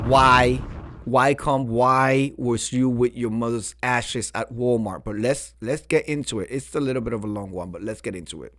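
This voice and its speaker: A man's voice: mid-range voice, a bit bright. A man hosting a casual show, reading confessions aloud with campy, sassy asides. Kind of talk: casual chat.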